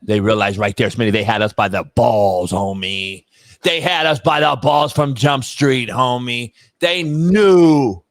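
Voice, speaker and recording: A male co-host doing a comedic mock prayer and rant, profane, repeating "Lord" and "homie" and building to shouting. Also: mid-range voice, measured pace, no echo, clean studio sound.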